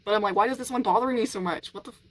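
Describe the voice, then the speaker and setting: A woman's voice: mid-range voice, rapid-fire, rough recording. A woman in a casual chatty vlog, rambling and exasperated, often laughing, talking at home while she works on furniture. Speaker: vlogger. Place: home, working on a furniture project.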